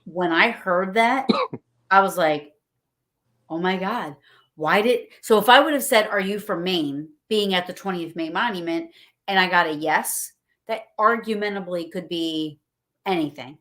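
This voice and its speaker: Woman, lower-pitched, casual livestream guest; excitable, rambling storyteller who acts out quotes. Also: a little slow.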